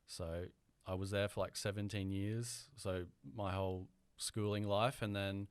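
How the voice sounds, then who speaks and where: A man's voice: fairly low pitch, fairly even intonation, a little slow, clean tone, dry recording. A young man with a mild Australian accent, a guest on a podcast, talking casually with lots of fillers and restarts. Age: young adult. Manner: hesitant, filler-heavy, rambling. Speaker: guest audio engineer.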